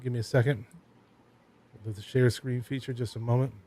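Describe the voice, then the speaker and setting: A man hosting a casual online talk show, telling relaxed stories between songs. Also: medium pitch, brisk. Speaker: podcast host. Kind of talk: casual chat.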